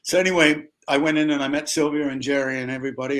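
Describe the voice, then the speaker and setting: A man's voice: medium pitch, fast talker. Older Australian man telling stories. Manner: lively storyteller who acts out other people's voices. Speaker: guest actor. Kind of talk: anecdotal interview storytelling.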